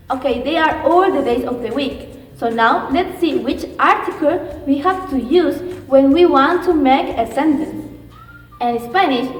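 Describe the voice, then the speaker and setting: High-voiced woman teaching slowly, echoey. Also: distant mic. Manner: slow, patient, checks in with "okay?"; repeats words slowly for the viewer to echo. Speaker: Spanish teacher. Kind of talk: beginner language lesson.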